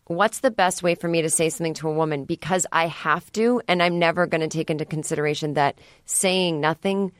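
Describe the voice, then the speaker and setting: Woman comedian, 30s, podcast host. Low voice, dry and close studio sound, chatty and animated. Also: no room sound. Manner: chatty, animated, jumps into playful voices for quoted people. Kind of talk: casual comedic monologue.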